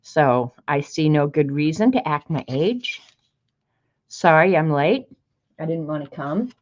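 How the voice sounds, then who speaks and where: Low-pitched woman, art livestream host, chatty and wry, greets viewers, slightly dull lo-fi audio. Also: expressive, a little slow. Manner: chatty, greets viewers by name, reads snarky sayings aloud. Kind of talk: casual livestream chat.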